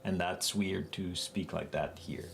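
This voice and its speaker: A man with a Quebec French accent and a fairly low voice, a native French speaker, talks through his code with live-stream viewers in a casual, unhurried way. His pace is very slow and drawn out, and a faint noise sits under the voice. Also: creaky, a bit bright. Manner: talks to chat while working through code on screen. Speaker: software developer streaming live.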